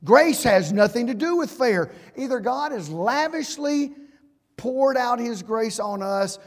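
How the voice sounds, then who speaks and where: A man preaching a sermon as pastor, emphatic, swinging from loud passages to hushed ones. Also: extremely high pitch, lively intonation, measured pace. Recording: hall reverb.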